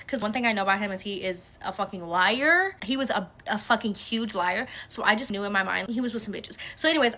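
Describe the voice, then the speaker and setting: A woman telling a personal story in a casual vlog, animated and full of swearing. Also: mid-range voice. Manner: animated, profane, gossipy.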